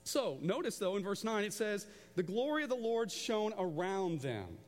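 A man preaching a sermon to a church congregation, animated and conversational, drawing the crowd into call-and-response. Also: high voice, moderate pace, long reverb tail. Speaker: pastor. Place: large church auditorium.

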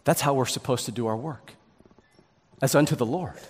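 A man's voice: mid-range voice, moderate pace, breathy edge, long reverb tail. A man in his thirties or forties preaching a sermon, earnest, building to emphatic peaks with repeated words. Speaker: pastor.

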